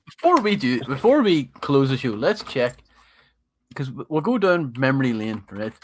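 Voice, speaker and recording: A man's voice: mid-range voice, sing-song, normal speed, slight background noise. Laughing man joking around. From United Kingdom. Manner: laughs often, joking and blunt. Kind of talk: casual chat on a livestream.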